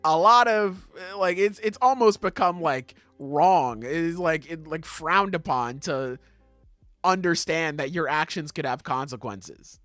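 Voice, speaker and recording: A man's voice: a little high, unhurried, fairly bright tone, dry recording. A man hosting a podcast in casual chat, joking crudely and laughing often. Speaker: podcast host.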